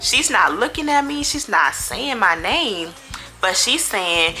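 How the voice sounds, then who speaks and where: A woman vlogger telling a storytime in a chatty, slangy, animated way. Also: mid-range voice, slow pace, faint music behind. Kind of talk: casual storytime.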